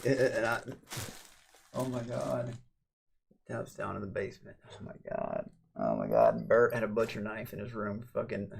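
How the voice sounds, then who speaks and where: Gravelly, profane man streaming late. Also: slight background noise. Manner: rambling and profane, swinging from low mumbles to loud excited shouts. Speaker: livestreamer. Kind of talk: late-night casual stream chat.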